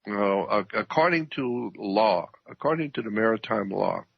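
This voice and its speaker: A man explaining at length as a radio guest, emphatic, repeating his points and often clearing his throat. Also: fairly low pitch, expressive, normal speed, no room sound. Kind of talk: lecturing radio talk. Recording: dull dry radio audio.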